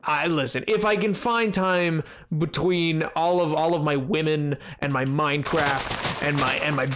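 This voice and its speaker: A young man streaming a survival game, chatting casually with his viewers, joking and bragging in a rambling way with quick laughs. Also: a little high, fairly even intonation, noisy background. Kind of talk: casual chat while playing a game.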